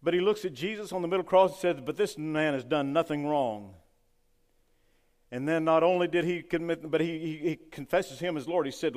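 A man preaching a sermon with fervor, rising loud and dropping to a hush. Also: a little high, normal speed. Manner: fervent preaching, swings between loud and hushed. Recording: long hall reverb.

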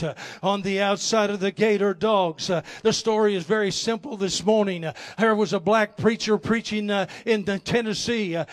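A male evangelist preaching a sermon, starting almost every phrase with "uh" and building to fervent peaks. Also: sits high. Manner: punctuates nearly every phrase with "uh", rising to fervent shouts.

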